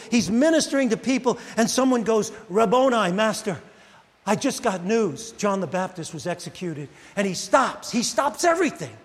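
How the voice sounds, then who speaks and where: Man, pastor, sermon, animated storytelling, high-pitched, echoing church hall. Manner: animated storytelling, addresses congregation by name. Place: church sanctuary. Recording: long reverb of a church hall.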